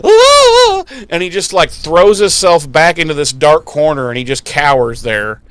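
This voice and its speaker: A man's voice: on the high side, normal speed, clear, resonant tone, no echo. A man co-hosting a podcast, recapping an episode in casual chat and acting out the scenes with silly voices. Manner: animated, acts out scenes with silly voices and laughs. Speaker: podcast co-host. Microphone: podcast microphone.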